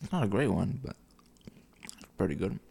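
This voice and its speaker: A man's voice: fairly low pitch, expressive, moderate pace, creaky, darkish tone, slight background noise. A drunk young man rambling alone, profane and meandering, with mumbled asides. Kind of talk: rambling solo monologue.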